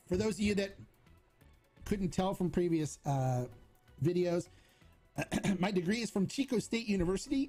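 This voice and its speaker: A man's voice: high-pitched, darkish tone. A middle-aged man hosting a casual livestream Q&A, talking in a chatty, rambling way with many restarts. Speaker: host of a tequila channel.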